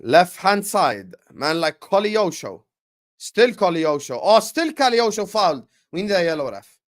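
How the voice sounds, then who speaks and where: A young man hosting a live football watchalong, chatting with viewers and calling the play with slangy, excitable banter. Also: high-pitched, measured pace. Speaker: watchalong streamer.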